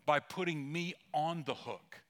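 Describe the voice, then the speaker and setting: A man's voice: a little high, a little slow, fairly bright tone. A man preaching a sermon as a pastor, conversational and emphatic, with asides and humor.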